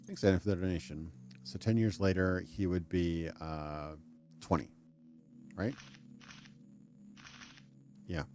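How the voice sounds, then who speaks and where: A man's voice: sits low, fairly even intonation, slow pace, pauses often, darkish tone, faint music behind. A man streaming a game live, chatting casually in a rambling, ranting way with lots of restarts, and reading in-game text aloud.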